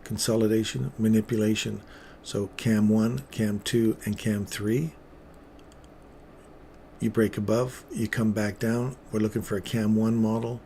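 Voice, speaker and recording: A lower-pitched man talks through a live trading session, wandering off into chatty tangents and then back to the charts. His delivery is loose and playful as he jokes with viewers, with a faint hum of noise behind him. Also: level tone, measured pace, dark tone. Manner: rambling, chatty, drifting between topics. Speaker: trading stream host.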